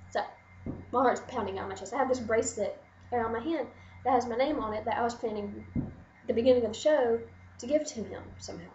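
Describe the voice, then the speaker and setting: A young adult woman vlogger telling a story in an excited, rambling way, full of "like". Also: on the high side, normal speed, echoey room, muffled recording, slight background noise. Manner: excited, rambling, gushing, lots of "like". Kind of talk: casual storytelling to camera.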